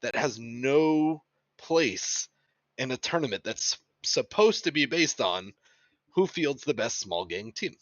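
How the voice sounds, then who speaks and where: A man's voice: medium pitch, sing-song, moderate pace, fairly bright tone, dry recording. A man on a discussion panel, arguing his point in a blunt, insistent way. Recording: dry, dull lo-fi mic.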